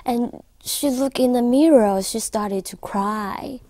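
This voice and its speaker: A woman, an accessory designer, telling a story as an interview guest in a filming studio. Her English is halting and full of fillers. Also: a little high, mellow, no room sound. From Taiwan. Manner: halting non-native English with frequent fillers.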